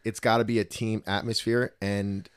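A man's voice: lowish voice, flat delivery, moderate pace, smooth, no room sound. A man from New Jersey hosting a casual podcast chat, telling stories and swearing freely. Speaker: podcast host, gym owner.

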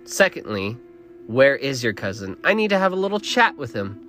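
A man's voice: mid-range voice, very animated, moderate pace, fairly bright tone, faint music behind. A man voicing a proud young woman with powers who speaks coldly and condescendingly. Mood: cold defiant. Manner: cold, cutting, condescending.

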